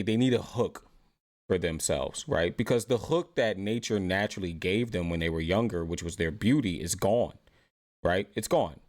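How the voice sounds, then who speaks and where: Male commentary host, low voice, loose rambling rant full of "right?". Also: darkish tone. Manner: rambling, repeats "right?" often. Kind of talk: reaction commentary.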